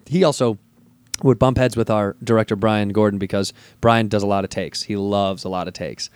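A man's voice: fairly low pitch, normal speed, clean tone, dry recording. A man telling casual stories from a film set, swearing freely and acting out what people said. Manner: profane, animated, acts out voices. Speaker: actor guest. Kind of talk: casual storytelling chat.

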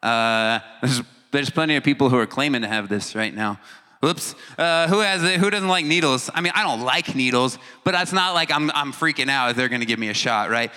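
Bright-voiced joking man, hall reverb. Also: mid-range voice, brisk. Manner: joking, acts out reactions, stumbles over long words. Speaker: youth speaker. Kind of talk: casual talk to a teen audience.

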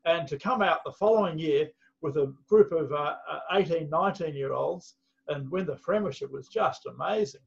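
A man's voice: on the high side, moderate pace, gravelly. Male co-host, thoughtful, muffled lo-fi sound. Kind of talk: casual podcast chat. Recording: dull lo-fi mic.

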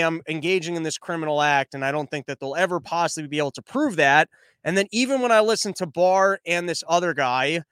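A man with a high, smooth voice riffs loosely as a podcast host. He thinks out loud, rambles and throws in crude jokes. The sound is close and dry. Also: dry recording. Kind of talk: casual political commentary.

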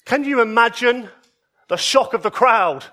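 Expressive high-voiced male preacher. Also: unhurried, soft background music. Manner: expressive, shifts between emphatic highs and soft low passages. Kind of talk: sermon.

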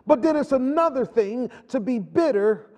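A man's voice: very high voice, animated, normal speed, a little mellow. A male pastor preaching a sermon with a repetitive, call-and-response delivery. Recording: long hall reverb.

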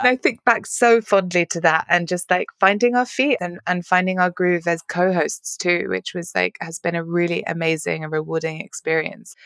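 A British woman co-hosting a book podcast, telling stories in a chatty, animated way and laughing often. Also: lowish voice, no echo, clean studio sound. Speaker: podcast co-host. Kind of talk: casual chat.

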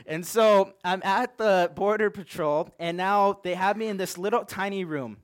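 Young guy pastor, bit high voice, earnest animated sermon story, lots of "like". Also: unhurried.

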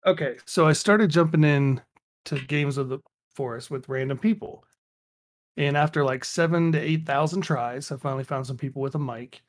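A man co-hosting a gaming podcast in a loose, casual chat. He tells stories with animation and drops into little quoted voices as he goes. His voice sits fairly high for a man. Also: moderate pace. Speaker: podcast co-host.

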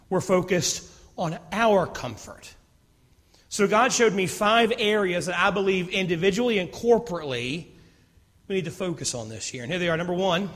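A man's voice: high-pitched, a bit bright. A man preaching a sermon as pastor, reading scripture and then retelling it in casual modern terms. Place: church sanctuary. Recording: long reverb of a church hall.

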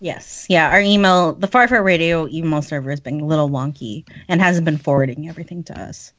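A woman co-hosting a casual podcast chat, giggly and animated. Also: low voice, a little fast, no room sound. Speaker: podcast co-host. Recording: dull dry podcast audio.

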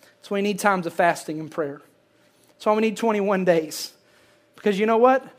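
A pastor preaches a sermon in a mid-range voice at normal speed, swinging between loud emphasis and hushed lines and repeating phrases for effect.

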